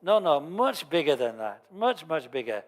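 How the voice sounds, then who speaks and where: A man's voice: a little high, big pitch swings, moderate pace. Worldly ocean frog, patient and insistent, told by a male teacher; reverberant hall.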